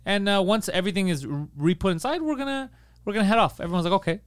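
A man on a podcast tells a story in a rapid, profane rant. His voice sits fairly high, and the sound is close and dry. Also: expressive, clear, resonant tone, dry recording. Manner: fast, profane, ranting. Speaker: podcast co-host. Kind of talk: casual comedic storytelling.

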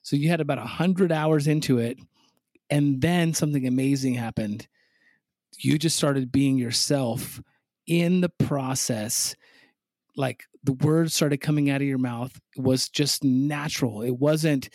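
A man with a middle-pitched voice talks as a sales coach, blunt and emphatic, swearing casually. His mic sounds dry and close. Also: measured pace, a little mellow, no room sound. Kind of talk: casual chat.

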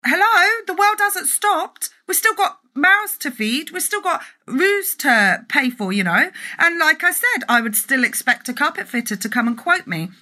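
Fired-up woman, bright voice. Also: high voice, big pitch swings, normal speed, few pauses. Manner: passionate and emphatic, swears freely. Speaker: entrepreneur and business mentor. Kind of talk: live-stream rant to an online group. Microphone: phone or webcam for a live video.

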